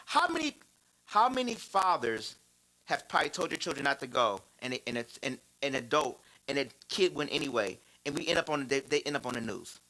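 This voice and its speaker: A man in his thirties preaching about fatherhood through personal stories, animated and laughing, repeating phrases for emphasis. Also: mid-range voice, brisk, poor audio. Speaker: church speaker on fatherhood.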